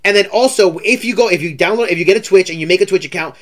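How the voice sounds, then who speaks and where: High-voiced man as a rambling livestream host at a desk mic. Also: rapid-fire. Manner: talkative, rambling, repeats himself. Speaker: streamer host. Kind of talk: casual livestream interview.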